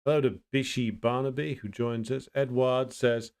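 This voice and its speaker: A man hosting a casual livestream, greeting viewers and answering their comments in a blunt, opinionated way, pausing often to think and restarting his sentences. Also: mid-range voice, fairly even intonation, a little mellow, clear, resonant tone. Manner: thinks aloud with frequent pauses and restarts. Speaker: livestream host.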